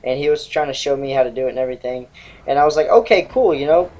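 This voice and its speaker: A man's voice: medium pitch, little pitch movement, rapid-fire, a little mellow, a little hiss or hum, rough recording. A man in his twenties giving casual, rambling gameplay commentary, swearing and laughing often. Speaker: gaming channel host.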